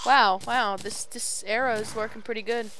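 A woman's voice: a little high, fairly even intonation, moderate pace, a bit bright, a little hiss or hum, low-quality recording. A young woman chatting casually over a voice call while playing a game, teasing her friend and taunting enemies on screen. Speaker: gamer recording a let's play.

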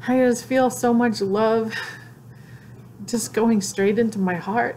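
A woman's voice: a little high, takes it slowly, pauses often, slight background noise. Tearful, gushing woman vlogger. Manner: gushing, excited, breathless exclamations. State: tearful, crying. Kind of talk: emotional casual vlog.

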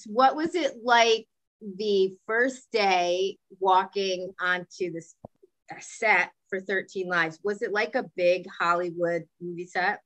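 A woman's voice: mid-range voice, fairly even intonation, slow pace, fairly bright tone, soft background music, poor audio. A woman hosting an interview, asking questions casually and reacting with enthusiasm. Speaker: interviewer, host.

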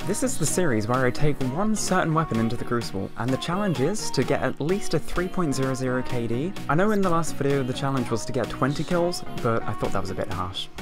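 A man giving chatty, excitable gameplay commentary at home, leaning toward a mic set below him. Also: medium pitch, quick pace, hardly any pauses, music in the background. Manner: excitable, chatty, exclaims at the game. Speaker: gaming video creator. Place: home room with TV and a hot light. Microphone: mic placed below him, leans in.

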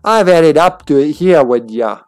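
A man's voice: on the high side, unhurried, faint music behind, close to an everyday voice. A man voicing a brash, rude young female thief with a put-on Australian accent while reading game dialogue aloud. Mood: combative. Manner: loud, brash, combative.

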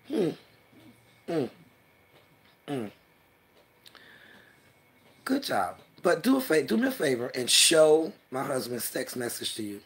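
A woman vlogger delivers a heated, brash, profane trash-talk monologue, mocking and laughing through her words as she drops to low mutters and then bursts out loudly. Her intonation is lively, her pace slow with long pauses, and her voice has a breathy edge.

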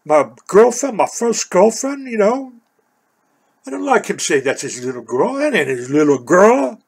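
Hoarse older man, husky and raspy, spinning a meandering personal yarn. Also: high-pitched, very animated, a little slow. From Oakland, California. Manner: rambling, says "you know" constantly. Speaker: storyteller. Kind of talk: rambling personal storytelling.

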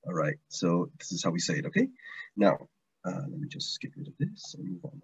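A man's voice: low voice, huge pitch swings, a little fast, creaky, slightly rough. A man teaching an online language taster class, chatty, repeating words and restarting often, over a video call. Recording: dull lo-fi online stream audio.

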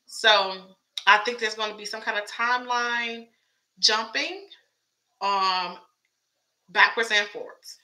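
A woman talks through her theories in a loose, chatty vlog, stacking up rhetorical questions as she goes. Her voice is very bright and a little strained. She sits at a middle pitch for a woman. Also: slow pace, pauses often, poor audio. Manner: chatty, wondering aloud, many rhetorical questions. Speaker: show commentator. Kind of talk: casual fan commentary vlog.

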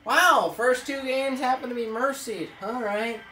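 Excitable woman yelling at a video game. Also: fairly high pitch, unhurried, hardly any pauses. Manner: excitable, yells and swears at the game. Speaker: gaming video creator. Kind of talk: let's-play commentary. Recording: echoey room, off-mic, faint hiss.

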